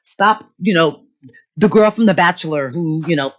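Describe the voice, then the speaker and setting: A woman's voice: fairly low pitch, moderate pace. A woman co-hosting a podcast in casual chat, rambling and filling with "you know". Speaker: podcast co-host. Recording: dull lo-fi sound.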